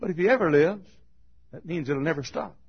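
Gravelly, husky preacher man, shouting. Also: fairly quick. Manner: swings from shouted high cries to hushed low tones, laughs between phrases. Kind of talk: fiery funeral sermon. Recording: dull lo-fi recording.

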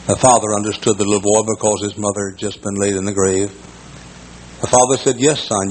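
An older man preaches from the pulpit with a low voice. He tells his story in a folksy, unhurried way and leans on repeated words for emphasis. A faint hiss of background noise sits under the recording in a large church. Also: darkish tone, poor audio. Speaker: pastor. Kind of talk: sermon.

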